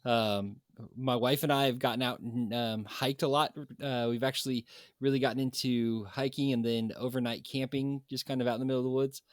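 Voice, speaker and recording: A man's voice: medium pitch, fairly even intonation, fairly quick, no echo. Man, podcast co-host, joking, rambling, dry close sound. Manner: joking, rambling with many fillers. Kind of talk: casual podcast chat.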